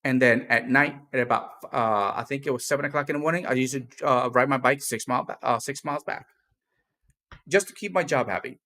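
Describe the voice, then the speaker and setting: A male co-host of a casual talk show rambles bluntly and candidly in morning chat to viewers, looping back and repeating himself. He talks fast with hardly any pauses, at medium pitch, in a steady tone that sounds pushed and bright.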